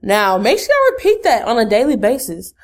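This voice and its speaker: A woman's voice: on the high side, wildly swooping pitch, a little fast. A woman podcast host in a casual motivational talk, leading her listeners through repeated positive affirmations.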